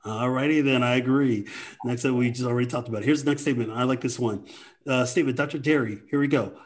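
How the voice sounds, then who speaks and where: A man's voice: medium pitch, steady tone, fast. A man hosting a health talk show, running a myth-or-fact quiz segment in an upbeat, playful way with jokey asides.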